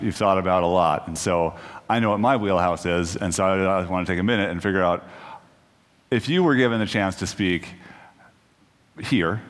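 A man giving a casual, conversational sermon in a church, joking at his own expense and restarting his sentences often. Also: low voice. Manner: conversational, self-deprecating, many restarts. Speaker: preacher. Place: church sanctuary. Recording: long church reverb.

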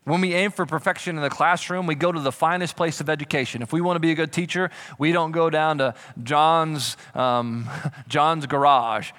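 Pastor, male, lively sermon delivery with playful asides, a touch high-pitched. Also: moderate pace. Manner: animated preaching with comic voices for imagined people. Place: church.

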